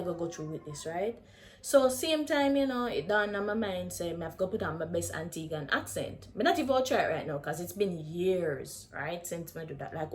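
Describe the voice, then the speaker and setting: A young woman with a Jamaican accent telling a casual storytime, animated and slipping in and out of patois. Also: lowish voice, a little hiss or hum. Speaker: vlogger.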